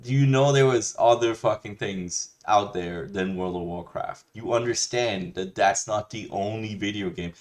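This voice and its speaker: A man's voice: lowish voice, moderate pace, few pauses. A man hosting a reaction video, ranting bluntly with lots of swearing and rambling restarts. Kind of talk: ranting commentary.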